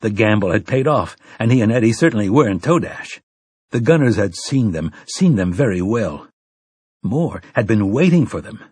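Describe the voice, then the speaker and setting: A man narrates an audiobook in a husky, mid-pitched voice, measured and dramatic. The sound is dry and close, with no room echo. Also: very animated, darkish tone. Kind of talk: scripted narration.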